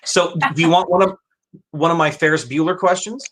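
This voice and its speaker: A man's voice: on the high side, steady tone, fairly quick, a bit bright, slight background noise. A man hosting a casual live-stream chat, speaking in a hesitant way with many restarts. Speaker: host.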